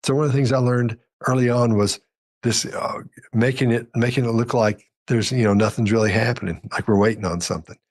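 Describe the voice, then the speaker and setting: A man's voice: mid-range voice, fairly even intonation, a little fast, a little mellow. A man speaking as a podcast guest, telling a long story in a rambling, self-correcting way and acting out the quoted dialogue. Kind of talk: casual storytelling chat.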